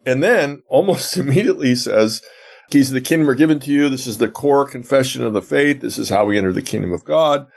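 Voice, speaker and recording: A man's voice: mid-range voice, fast, gravelly, darkish tone. A man who is a professor of biblical theology, answering interview questions and explaining a gospel passage like a teacher. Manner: earnest teacher, retells scenes with quoted dialogue.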